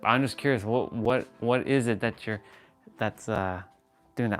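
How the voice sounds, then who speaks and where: A man's voice: on the low side, measured pace, faint music behind. A man hosting a fitness livestream, talking casually and frankly about feelings and self-growth, with swearing and many restarts.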